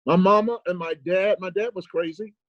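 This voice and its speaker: A man, a guest comedian, chatting casually on a video call and acting out family stories with animated delivery. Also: high-pitched, fairly quick, no echo, lo-fi sound. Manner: animated storyteller, mimics his dad. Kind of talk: casual chat.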